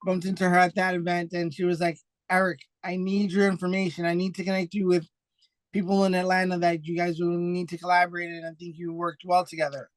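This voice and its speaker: A man with a raised, bright pitch tells his stories in an animated, excitable rush. He restarts sentences often and slips into the voices of the people he quotes. The sound is close and dry, with no room around it. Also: fairly quick, dry recording. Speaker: podcast guest, foundation founder. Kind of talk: casual interview chat.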